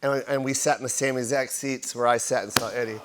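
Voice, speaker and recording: A man, a guest comedian, telling animated stories on a TV talk show and acting out the voices of people in them. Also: mid-range voice, quick pace, noisy background. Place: TV studio with live audience.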